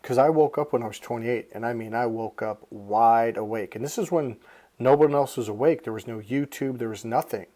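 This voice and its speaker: A middle-aged man from Northern California giving a casual motivational monologue. He swears freely and is animated. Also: mid-range voice, fairly quick. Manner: animated, swears freely, acts out other people's lines. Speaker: self-help vlogger.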